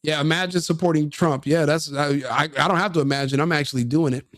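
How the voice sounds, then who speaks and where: A man with a somewhat high voice gives profane reaction commentary, brash and combative, laughing at his own jokes. The sound is dry and close. He keeps up a mocking, scornful tone. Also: fairly even intonation, fast talker, fairly bright tone, no echo. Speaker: online commentator reacting to a video.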